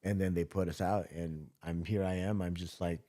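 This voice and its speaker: A man with a lowish voice, from Southern California, spins a war story from his years as a correctional officer. He talks loosely and swears freely, piling up filler words as he goes, in an easy interview chat. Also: steady tone, normal speed, warm tone. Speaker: podcast guest, former correctional officer.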